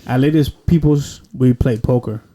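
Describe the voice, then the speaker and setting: Casual male podcast host, rambling, swears constantly, gets animated in stories. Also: moderate pace. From Cuban heritage. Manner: rambling storyteller, heavy swearing, many fillers; lively, jumps high when retelling funny moments. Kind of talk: casual chat. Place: indoors, home setting without a studio. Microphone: headphones and mic, podcast setup.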